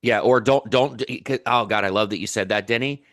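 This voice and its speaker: A man co-hosting a real estate coaching session, animated and getting fired up as he acts out conversations with clients. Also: lowish voice, brisk, few pauses. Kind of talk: coaching a live training session.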